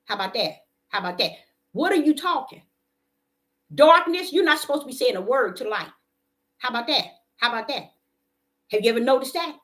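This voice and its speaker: A woman preaching with passion and telling personal stories, repeating her phrases for emphasis and swinging between loud declarations and hushed moments. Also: sits high, lively intonation, fairly quick, pauses often. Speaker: self-described prophetic preacher. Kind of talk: impassioned preaching and personal testimony.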